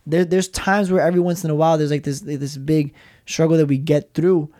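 Rambling man with a mellow voice. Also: fairly high pitch, little pitch movement, fairly quick. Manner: rambling, repeats words, acts out quotes. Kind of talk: casual faith chat.

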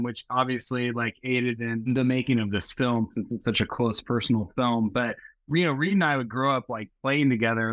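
In a medium-pitched voice over a dry, muffled lo-fi recording, a Seattle-born man in his forties chats as a filmmaker guest in an interview. He goes on at length in a laid-back, meandering way, full of fillers.

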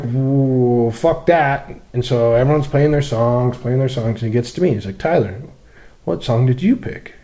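A young man co-hosting a podcast, telling a profane, animated story in casual chat. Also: medium pitch. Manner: animated, profane, acts out quotes. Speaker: podcast co-host.

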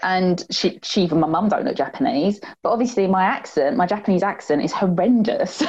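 A woman's voice: fairly low pitch, expressive, brisk, dull audio, noisy background. A woman with a Cockney English accent talking openly and reflectively as an interview guest, with many fillers. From England. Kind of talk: candid conversational interview.

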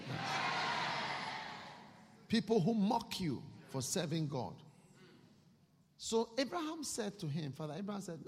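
Animated preacher in an echoey hall. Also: male voice, high-pitched, unhurried, long pauses. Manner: animated storytelling. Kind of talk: sermon. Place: church service hall.

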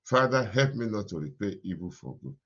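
A man preaching an animated morning devotion sermon as pastor, repeating his phrases and laughing often. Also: on the low side, fairly quick, slightly rough, muffled recording.

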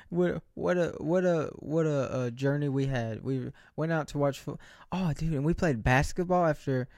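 In a dry, studio-quality recording, a man in his late twenties talks at a moderate pace in a slightly high, darkish voice. Vlogging indoors under bright lights, he rambles through a casual monologue, making self-mocking jokes and restarting frequently.

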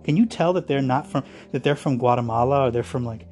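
A man's voice: medium pitch, fast, a little mellow, soft background music, lightly acted. A man quoting a clueless old military guy. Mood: puzzled. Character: older male military man, blunt and clueless.

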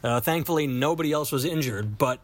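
Animated, profane male podcast host. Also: medium pitch, brisk, no echo. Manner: animated, profane, rambling with restarts. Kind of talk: casual comedic podcast chat.

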